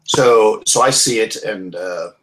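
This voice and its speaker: A man playing a tabletop role-playing game, describing his character's actions. He talks casually, with many restarts. His voice sits a little low. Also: takes it slowly, a bit bright, a little hiss or hum. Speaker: player.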